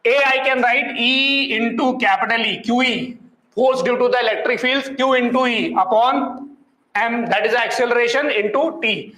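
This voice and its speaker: A man's voice: extremely high pitch, moderate pace, pushed and bright, echoey room, low-quality recording. A man teaching physics problems step by step in class, constantly quizzing his students with questions. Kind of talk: classroom problem-solving lecture.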